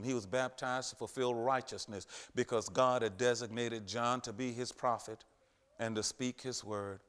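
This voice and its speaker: Emphatic preacher man with loud rises. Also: mid-range voice. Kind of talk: sermon.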